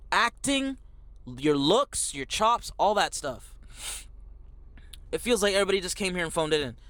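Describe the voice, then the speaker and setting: A man's voice: fairly high pitch, a bit bright, dry recording. A young man giving an emphatic, repetitive film-review rant after leaving the theater, full of slang. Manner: emphatic, repetitive, slangy, calls viewers bro. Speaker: movie reviewer.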